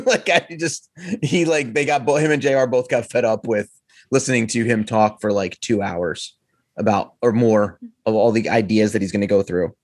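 A man's voice: fairly low pitch, normal speed, a little mellow. A man co-hosting a casual podcast chat, rambling enthusiastically and laughing often. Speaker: podcast co-host.

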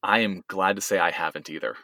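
Low, bright-toned man chatting casually. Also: fast, vocal fry, dry recording, studio quality. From United States. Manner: easygoing, rambling, restarts often. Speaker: podcast co-host. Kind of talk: casual family chat.

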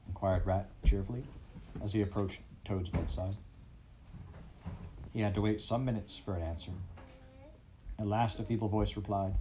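A man reading a classic storybook aloud in a measured, expressive way. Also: fairly low pitch, slight background noise, poor audio. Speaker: audiobook narrator.

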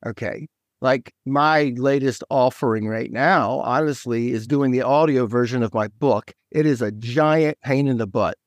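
A man's voice: mid-range voice, measured pace, dry recording, studio quality. A man, a guest author, in casual faith talk, speaking eagerly and in scattered bursts with many restarts.

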